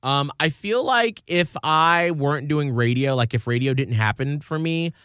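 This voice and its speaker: Man, radio host, casual studio chat, smooth resonant voice, dry close sound. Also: on the high side, moderate pace, fairly bright tone, no echo.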